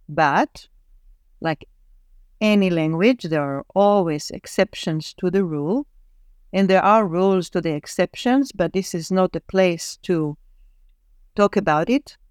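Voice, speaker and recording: Woman language teacher, slow careful reading, slightly low and clear. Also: expressive, darkish tone, no echo, clean studio sound. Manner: reads syllables and words slowly and deliberately. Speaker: Hebrew teacher.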